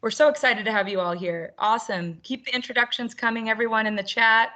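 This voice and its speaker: A woman with a bright, forward tone and a slightly high voice welcomes people on a video call. She hosts an online teacher roundtable and keeps things upbeat and chatty, laughing often. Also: brisk. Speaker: webinar host.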